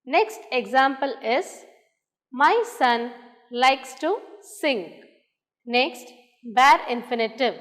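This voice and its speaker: Slow, deliberate woman teacher with a Tamil English accent. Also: sits high, animated, a bit bright. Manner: very slow and deliberate, dictating examples word by word. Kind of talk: classroom grammar lesson. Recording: roomy hall with long echo.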